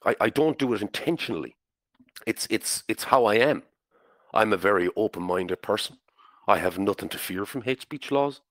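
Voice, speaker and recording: A low-pitched Irish man delivers a blunt, opinionated podcast monologue. He stumbles, repeats words and swears. The sound is close and dry. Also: expressive, normal speed, no room sound. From Ireland. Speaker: podcast host.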